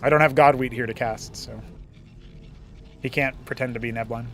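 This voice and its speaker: Soft music sits under a young esports caster's mid-range voice, which keeps a fairly even intonation. Commentating a strategy match on his own, he chats playfully, fires off quick asides, and laughs at his own jokes.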